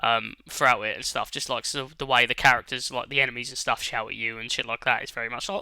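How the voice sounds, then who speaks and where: A man co-hosting a gaming podcast, chatting casually, animated and laughing often, with some swearing. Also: mid-range voice, fast talker, creaky, few pauses, a little hiss or hum. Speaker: podcast co-host. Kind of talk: casual chat.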